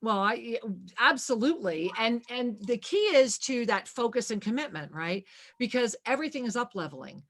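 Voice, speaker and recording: Radio host, female, fairly high voice, emphatic spiritual chat, repeats her points. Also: expressive, moderate pace. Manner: emphatic, repeats phrases, laughs often.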